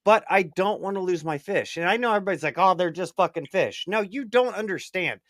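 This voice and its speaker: Man, slightly high voice, dry close sound, rambling and profane casual storyteller. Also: a little fast, no echo. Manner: animated, swings up in excitement. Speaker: prepper livestream co-host. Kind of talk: casual chat.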